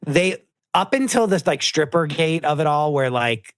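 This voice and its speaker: Animated man telling funny stories. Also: fairly high pitch, moderate pace, no room sound. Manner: animated storyteller, does mock voices. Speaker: podcast guest, TV producer. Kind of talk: casual chat.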